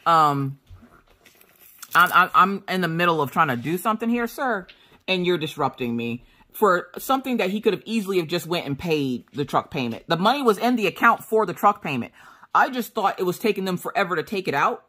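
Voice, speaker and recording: Animated woman telling chatty stories. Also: lowish voice, fairly quick. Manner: animated storyteller, laughs often, acts out dialogue. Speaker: crafting vlogger. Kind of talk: casual chat.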